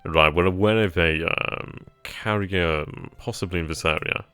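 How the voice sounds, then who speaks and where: A man thinking aloud as he plays a strategy game, trailing off mid-sentence and bursting into giddy excitement at good news. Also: sits low, normal speed, clear, resonant tone, dry recording, soft background music. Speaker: let's play gamer.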